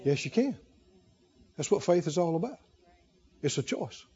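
A male preacher giving an animated sermon, exhorting the congregation and laughing often. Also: on the high side, normal speed, husky, highs cut off.

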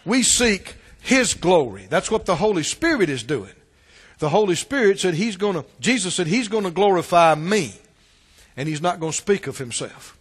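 A man with a high-pitched voice preaches a sermon, rising into emphatic shouts and sinking to quiet asides. The sound carries a long reverb, as in a large church hall. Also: very animated, moderate pace, breathy edge.

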